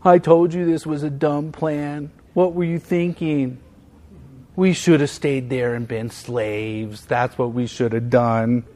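A man voicing a frightened Israelite who grumbles and complains to his leader, sinking into a low, sulky mutter. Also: steady tone, slow, dark tone, natural voice. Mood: grumbling.

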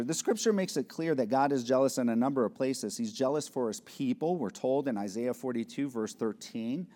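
A pastor preaches an expository sermon in a church sanctuary, his earnest, middle-pitched, slightly mellow voice trailing a long reverb through the hall. Now and then he acts out small scenes before driving a point home with emphasis.

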